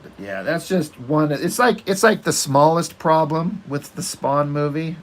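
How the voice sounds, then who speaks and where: Brief: unhurried male artist rambling opinions over his drawing, salty language. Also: a little high, lively intonation. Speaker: artist working on a comic page. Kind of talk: casual rambling chat while drawing.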